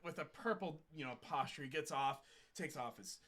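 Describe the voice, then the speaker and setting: A man on a stream telling a long, rambling joke in an animated, playful way, correcting himself as he goes. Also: on the high side. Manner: animated, repetitive, playful, with quick self-corrections. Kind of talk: rambling shaggy-dog joke storytelling.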